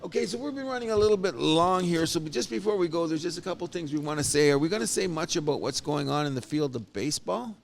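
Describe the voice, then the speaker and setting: A man co-hosting a casual sports podcast, rambling and animated with frequent restarts. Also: a little high, fast, creaky, few pauses. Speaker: podcast co-host.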